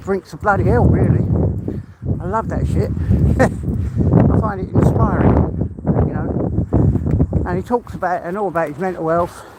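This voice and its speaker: A high-voiced English man talks to his live viewers while walking a dog outside, slightly out of breath. His talk is chatty and rambling, broken by laughs. Clear outdoor noise runs under his voice. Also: measured pace. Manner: chatty, rambling, laughs often, greets chat by name. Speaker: live-stream host.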